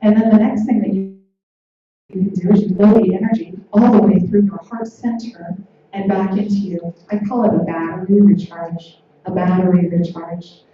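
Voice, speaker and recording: A woman giving a gentle, repetitive spiritual talk from a conference stage. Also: mid-range voice, fairly even intonation, moderate pace, a little hiss or hum. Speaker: conference speaker. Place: large hall on stage. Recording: echoey hall from far off, dull lo-fi.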